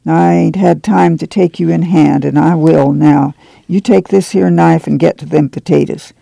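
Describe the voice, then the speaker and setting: A man's voice: a little high, steady tone, moderate pace, gravelly, mellow, no room sound. A man reading the lines of a firm, practical farm mother in blunt rural dialect. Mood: stern.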